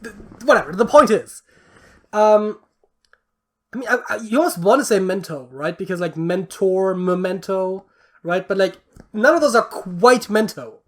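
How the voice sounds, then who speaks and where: Here a podcast co-host chats casually, thinking aloud and mumbling guesses amid plenty of fillers and casual cursing. An animated voice at a normal middle pitch moves at normal speed.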